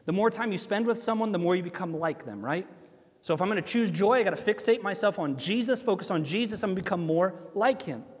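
A man with an Ohio accent, preaching a sermon as pastor, animated and conversational with asides to listeners. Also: high-pitched, fast talker, husky. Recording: long hall reverb.

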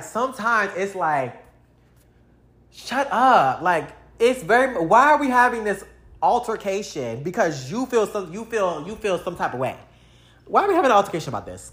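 A woman vlogger with a mid-range, fairly bright voice rants casually to the camera. She's blunt and profane, packs in plenty of slang, and speaks directly to her viewers.

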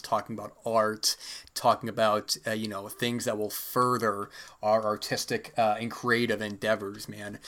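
A man's voice: on the low side, a bit bright. A man hosting a solo podcast, talking casually and rambling with many fillers, his throat a little dry. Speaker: podcast host.

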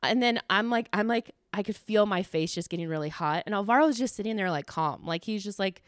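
A young woman from the United States chats on her solo podcast, telling a story in an animated, self-mocking way and swearing casually. Her voice sits at a middle pitch. The recording is dry and close, with no room sound. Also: fairly quick, no room sound. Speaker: podcast host.

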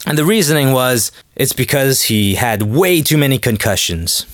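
A man's voice: medium pitch, expressive, normal speed, no room sound, clean studio sound. A man hosting a podcast, rambling in a joking, casual monologue and acting out quotes in little voices. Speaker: podcast host.

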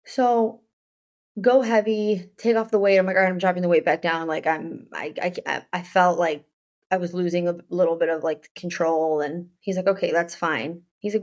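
A woman's voice: on the low side, fairly even intonation, moderate pace. A woman co-hosting a casual chat podcast, telling a long story with many restarts and filler words. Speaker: podcast co-host.

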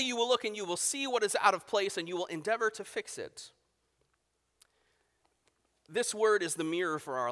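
High, bright-voiced preacher in a reverberant hall. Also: male voice. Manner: emphatic preaching with dramatic swings in volume. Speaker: pastor. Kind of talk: sermon. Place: church sanctuary. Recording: long reverb of a church hall.

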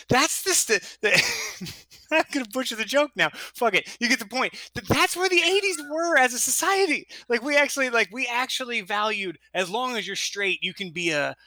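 A man tells a story in a casual chat. His voice is very bright and swings widely in pitch. He rambles and laughs as he goes, and the sound is dry and close. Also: animated, normal speed, no echo. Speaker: podcast co-host.

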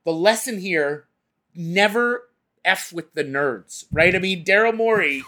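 A man's voice: high-pitched, expressive, unhurried, pushed and bright. A man co-hosting a casual sports podcast, rambling with many hesitations. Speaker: podcast co-host.

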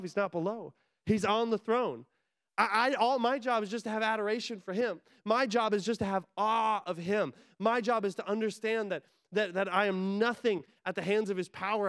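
A man preaching a sermon as a pastor, telling a story with animated energy that climbs into excited shouts. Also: sits high.

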